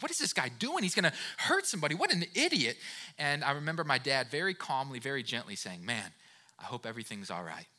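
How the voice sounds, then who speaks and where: Man, motivational talk, very animated pitch, earnest, addresses listener directly, repeats words. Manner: restarts and repeated words while storytelling. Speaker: speaker of a talk series. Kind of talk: motivational talk with personal stories.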